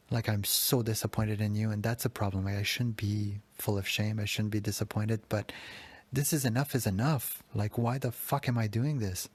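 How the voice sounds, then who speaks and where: A man's voice: on the low side, steady tone, moderate pace, breathy edge, no echo. A man in his thirties hosting a solo confessional podcast, talking in a raw, self-critical way and swearing often. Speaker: podcast host.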